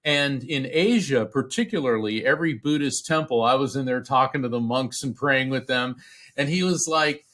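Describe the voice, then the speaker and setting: A middle-aged man from Central Florida, a podcast guest telling a personal story in an earnest, halting way, with restarts, acting out the voices he quotes. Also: medium pitch, expressive, fairly bright tone. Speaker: podcast guest, psychic medium. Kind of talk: storytelling in a casual interview.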